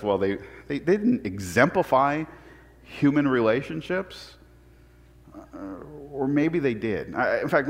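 A man from Portland preaching a sermon, telling a humorous personal story with animated, self-deprecating delivery. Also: medium pitch, big-room sound. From Portland, Oregon. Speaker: pastor. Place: church sanctuary.

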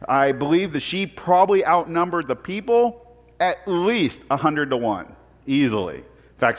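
A man from Portland preaching a sermon, telling a humorous personal story with animated, self-deprecating delivery. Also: fairly high pitch, big-room sound. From Portland, Oregon. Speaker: pastor. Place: church sanctuary.

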